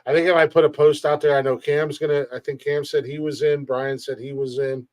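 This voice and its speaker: A man hosting a comedy podcast over a video call, bantering excitably and cracking crude jokes. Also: on the high side, fairly quick, no echo. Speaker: podcast host and co-creator. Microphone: video call mic.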